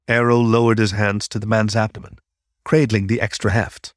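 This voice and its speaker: A low-voiced man reading a story aloud in a measured, unhurried delivery. The recording is close and very dry, with no room sound. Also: level tone, no echo. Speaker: story narrator. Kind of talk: audiobook-style story narration.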